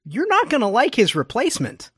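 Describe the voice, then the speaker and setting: A man's voice: extremely high pitch, fairly quick, breathy edge, no room sound. Rambling male co-host, dry sound. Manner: rambling, self-interrupting, animated asides. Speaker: podcast co-host. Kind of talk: casual chat about a TV episode.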